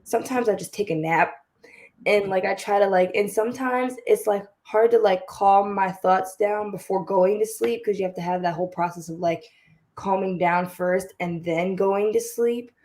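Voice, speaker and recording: A woman's voice: mid-range voice, normal speed, darkish tone. A teenage girl on a panel, speaking hesitantly with many fillers. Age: teens. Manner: hesitant, lots of "like". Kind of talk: panel discussion.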